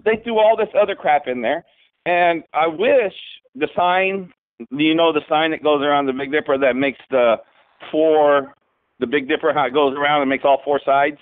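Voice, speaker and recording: A man's voice: on the high side, normal speed. Man on a tinny phone-like line. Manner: insistent, explaining. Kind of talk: casual livestream chat.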